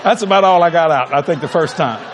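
A man's voice: fairly high pitch, fast talker, noisy background. A man preaching a humorous sermon in a large auditorium, telling a folksy story and laughing through his words. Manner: animated, often laughing mid-sentence, folksy. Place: large auditorium before thousands.

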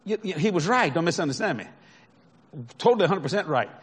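A man's voice: high-pitched, lively intonation, quick pace, breathy edge. A man preaching a sermon through folksy stories, chuckling often and checking that his listeners follow. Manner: folksy, conversational, asks the audience if they follow. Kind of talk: storytelling sermon.

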